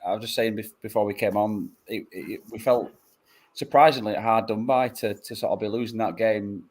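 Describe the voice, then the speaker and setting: A man on a football podcast panel, talking haltingly with frequent stops and restarts. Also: lowish voice, darkish tone. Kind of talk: casual match-reaction chat.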